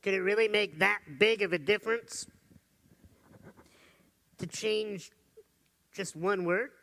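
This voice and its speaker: A man giving an earnest motivational talk, dropping to soft, intimate tones for serious points. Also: high-pitched, slow pace, gravelly. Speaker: motivational speaker.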